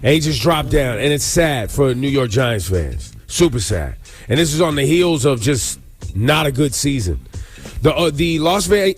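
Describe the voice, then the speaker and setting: A man with a slightly raised pitch hosts a morning radio show. He speaks in a wry, teasing, measured way. Faint music sits under his voice. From United States. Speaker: radio host. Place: radio studio. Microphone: studio microphone. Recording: radio studio with music bed.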